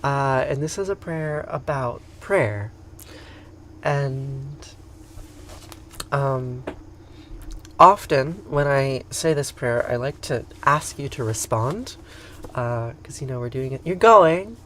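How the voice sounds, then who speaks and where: A woman with an English accent hosting a spiritual livestream, talking casually and softly between chants, often chuckling. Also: very deep voice, slight background noise. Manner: unhurried, soft-spoken, chuckles between remarks. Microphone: home livestream setup.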